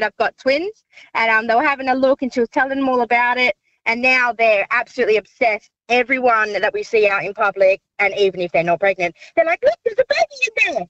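A woman's voice: a little high, a bit bright, no echo. A mother of twins calling a radio show, chatty as she tells a story. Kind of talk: telling an anecdote on the phone. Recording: lo-fi phone line.

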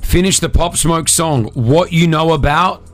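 A man hosting a morning radio show, joking with co-hosts and running a quiz in a quick, upbeat way. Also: on the high side, faint music behind. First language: Arabic. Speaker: radio host.

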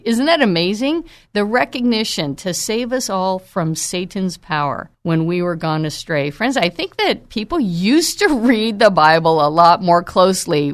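A woman with a somewhat low voice gives devotional Bible teaching on a podcast. She talks earnestly and with wonder, and reads hymn verses in a slow, reverent way. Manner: earnest, marvelling, slow reverent recitation of carol lyrics.

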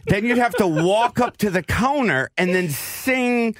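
A man's voice: high voice, a little slow, noisy background. A comedian in his forties from Michigan, chatting as a radio guest and acting out little scenes as he tells stories. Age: 40s. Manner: animated storyteller acting out scenes. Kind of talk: casual radio chat.

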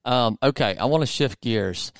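A man's voice: medium pitch, normal speed, dry recording, clean studio sound. A man with a Southern US accent hosting a casual interview, rambling with lots of fillers. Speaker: podcast host.

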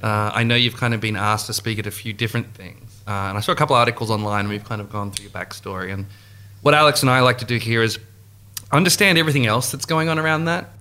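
A man's voice: medium pitch, fast, sharp tone, clean tone. A man hosting a podcast, opening the show and interviewing a guest in casual chat. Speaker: podcast host.

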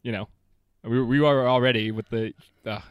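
A man's voice: mid-range voice, steady tone, moderate pace, clean tone, dry recording, studio quality. A man co-hosting a casual podcast, talking in an easygoing way with a bit of puzzled back-and-forth. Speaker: podcast co-host.

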